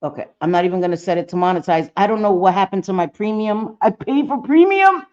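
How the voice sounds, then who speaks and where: A woman's voice: on the low side, fairly even intonation, fast talker, mellow, highs cut off. A middle-aged woman hosting a casual live stream, talking bluntly and cursing freely with frequent laughter. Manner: blunt and profane, laughing often. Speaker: livestream host.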